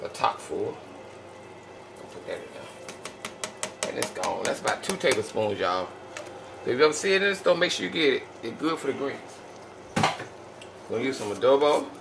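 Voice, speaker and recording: Recorded from across an echoey kitchen with background noise, this weary channel host cooks at home and talks to "y'all" in a folksy way. He has a mid-range, gravelly voice, very animated at a normal speed, pausing often.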